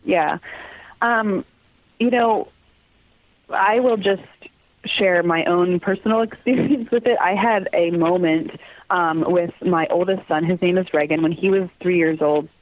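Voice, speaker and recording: A woman's voice: lowish voice, measured pace. An earnest woman sharing personal stories as a podcast guest, breaking into laughter often. Her voice comes through a narrow, tinny phone-line sound. There is almost no room echo. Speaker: interview guest, theater company communications manager. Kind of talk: podcast interview, personal storytelling.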